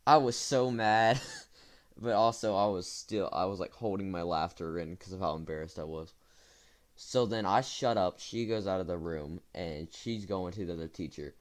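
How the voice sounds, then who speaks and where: Low-voiced young man telling a story. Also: moderate pace. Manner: rambling, with fillers and self-corrections. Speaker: storytime vlogger. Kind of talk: casual storytelling.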